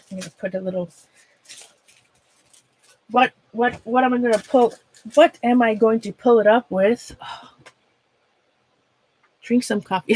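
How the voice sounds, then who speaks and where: Here a woman with a Minnesota accent and a somewhat high voice is heard on low-quality audio carrying a bit of hiss or hum. She's demonstrating a craft on an art livestream, talking casually with viewers as she goes. Her manner is chatty and meandering, full of self-interruptions and frequent laughter.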